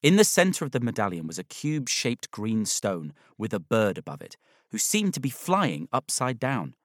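Male storybook narrator, measured and expressive, dry close sound. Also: mid-range voice, no echo.

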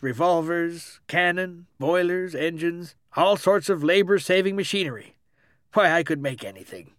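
Casting: man voicing a bragging Yankee tradesman, high-pitched and lively, dry close sound. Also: dry recording. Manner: folksy, plain-spoken, bragging. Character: boastful practical Yankee mechanic, middle-aged man.

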